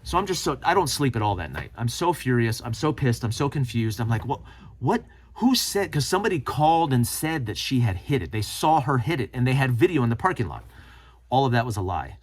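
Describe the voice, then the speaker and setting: A man's voice: mid-range voice, fast talker, husky. A middle-aged man hosting his own channel, telling a personal story to camera and acting out the people he quotes. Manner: animated, acts out quoted people. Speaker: channel host.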